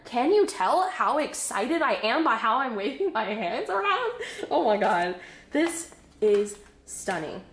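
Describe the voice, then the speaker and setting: A woman's voice: on the high side, unhurried. Bubbly woman gushing over an unboxing, kinda out of breath, echoey room at home. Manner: bubbly, excitable, giggly. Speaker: craft vlogger. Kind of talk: casual unboxing chat.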